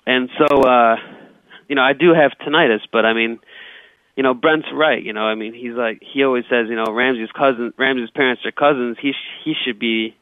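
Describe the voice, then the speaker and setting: Over a tinny phone line, a comedian guest tells rambling stories in a casual, comedic way, stammering and restarting his sentences. His mid-range voice moves fairly quickly, with no room sound at all.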